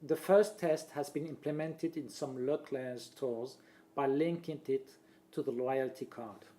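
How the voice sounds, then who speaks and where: A man, a presenter reading a marketing talk aloud in a steady voice and listing points one after another. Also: mid-range voice, unhurried. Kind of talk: read-aloud presentation voice-over.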